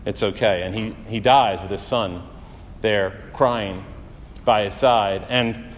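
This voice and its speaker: A male pastor delivering a sermon, telling stories earnestly with dramatic pauses and rising emphasis. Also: fairly low pitch, fairly even intonation, long reverb tail, slight background noise.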